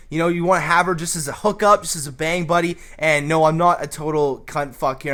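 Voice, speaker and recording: A man hosting a comedic advice vlog and shouting hyped gameplay commentary, brash and crude with constant jokes. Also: high voice. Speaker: YouTube host.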